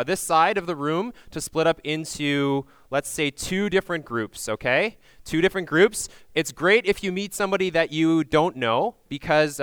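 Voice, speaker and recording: A man leading a group through a Passover meal, giving loud instructions into a microphone and checking in with frequent "okay?"s. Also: fairly high pitch, clean tone, dry recording. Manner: projects loudly into a microphone. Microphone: handheld or stand microphone.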